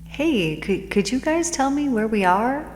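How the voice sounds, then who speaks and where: A woman's voice: fairly high pitch, animated, unhurried, a little hiss or hum, pitched above the performer's own voice. A woman voicing a puzzled, polite male traveler who keeps asking where he is going. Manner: hesitant, politely questioning. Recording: echoey room with long reverb.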